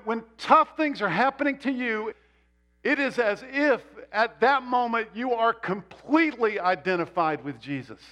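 A male pastor preaching a sermon in a church, animated and emphatic, with sudden jumps up in pitch on key words. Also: unhurried. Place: church sanctuary.

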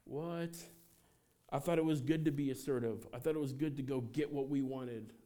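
A man in his thirties preaching a sermon in a church, talking in a casual, conversational way with frequent fillers, restarts and animated asides. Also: medium pitch, brisk. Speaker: pastor. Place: church sanctuary.

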